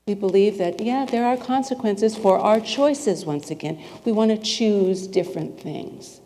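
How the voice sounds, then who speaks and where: Woman, minister, conversational sermon, playful, questions to congregation, mellow voice, long hall reverb. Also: medium pitch. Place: spiritual center sanctuary with a congregation.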